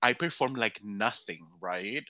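A man who performs in drag, telling a story in loose, animated chat. His voice sits a little low but sounds bright and forceful, and he curses freely as he acts out what other people said. The recording is dry and close, with no room sound. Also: unhurried, no echo. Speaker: drag performer, podcast guest.

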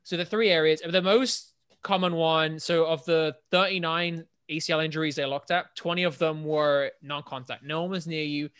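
A man's voice: fairly high pitch, fairly even intonation, moderate pace, a bit bright, smooth. Chatty young man from England. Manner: chatty, restarts often while explaining. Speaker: podcast co-host. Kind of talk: casual chat and explaining a study.

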